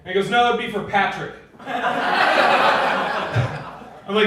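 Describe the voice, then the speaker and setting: A man's voice: high voice, a little fast, pauses often. A young man doing a stand-up set in a comedy club, laughing through his punchlines and swearing a lot. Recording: echoey club mic from far off, loud room noise.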